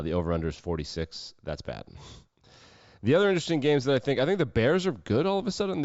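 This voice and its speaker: A deep-voiced man hosts a casual podcast and gives his sports betting picks, opinionated and brash, cursing freely. The sound is dry and a little dull, with no room around it. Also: darkish tone, no echo. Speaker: podcast host.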